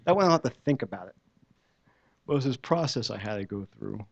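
A man's voice: medium pitch, lively intonation, fast talker, vocal fry. A man giving a personal testimony at a church service, telling his story in a loose, conversational way with many restarts. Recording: dull muffled recording.

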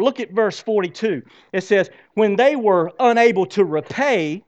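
High-voiced man preaching a sermon. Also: expressive, moderate pace, few pauses, highs cut off. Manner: preaching, voice swinging from loud to hushed. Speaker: pastor.

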